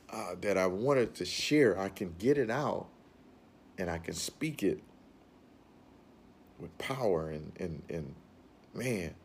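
A man with a very deep, low voice gives an informal motivational talk, earnestly rambling and often repeating words as he builds toward a point. He is expressive and slow, with long pauses. Faint room ambience and a little hiss or hum sit in the background.

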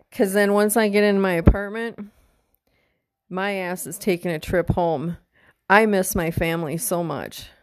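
A woman's voice: medium pitch, no room sound. A middle-aged woman hosting a casual podcast monologue, talking candidly and with heart, swearing freely and open about her feelings. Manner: emotional, openly tearful at times. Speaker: podcast host.

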